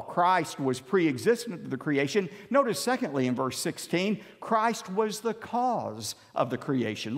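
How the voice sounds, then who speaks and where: A man preaching a sermon as pastor, emphatic, with dramatic pauses. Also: a little high. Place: large church sanctuary. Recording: long hall reverb.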